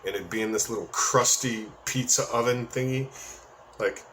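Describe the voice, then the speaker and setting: A man's voice: mid-range voice, steady tone, moderate pace, a bit bright, a little hiss or hum. A man telling a story from his own life in a casual, rambling monologue, with profanity and joking asides.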